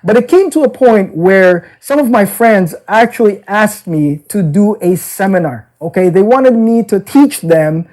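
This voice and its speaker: A man's voice: high voice, animated, a little slow, few pauses, a little mellow, poor audio. Man telling his story, "okay?" after every point. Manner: frequent "okay?" and "like" fillers. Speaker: dating seminar teacher. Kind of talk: casual storytelling interview. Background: children.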